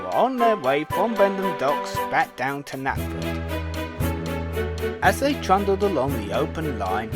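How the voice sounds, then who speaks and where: A man narrating a children's storybook in an expressive, lively reading. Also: a little high, unhurried. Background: loud music.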